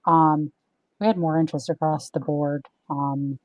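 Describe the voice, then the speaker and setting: A woman's voice: deep voice, steady tone, a little slow, dry recording, low-quality recording. A chatty, self-deprecating woman hosting a casual livestream chat over a video call. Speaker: event host.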